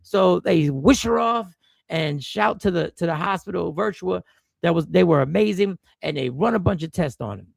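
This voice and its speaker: Gravelly-voiced man telling a story. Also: high voice, animated, moderate pace, no echo, clean studio sound. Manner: rambling, loose, with restarts and slang. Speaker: stand-up comedian and stream host. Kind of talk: casual storytelling to viewers.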